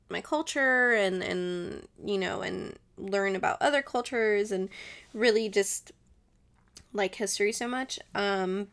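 Woman, host, casual solo chat, slow pace, rambling, laughs often, mixes in Spanish. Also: mid-range voice. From Mexican family. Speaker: podcast host.

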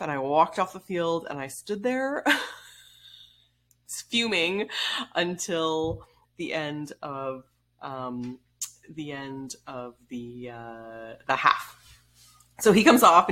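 A woman in her thirties telling a story in a casual vlog, animated and wry, blunt, swearing casually and laughing as she goes. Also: fairly low pitch. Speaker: vlogger.

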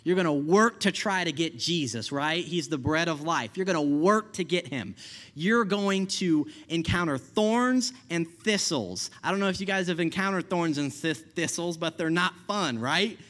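A man's voice: fairly high pitch, expressive, normal speed, fairly bright tone. A young man preaching a sermon in a casual, conversational way, often checking in with "right?" and laughing at his own stories.

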